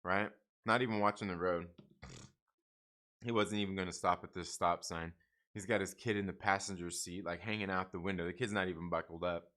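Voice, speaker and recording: A man's voice: sits low, steady tone, fairly quick, sharp tone. A middle-aged man hosting a casual livestream, speaking bluntly and profanely, rambling with frequent restarts. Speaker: comic book channel host.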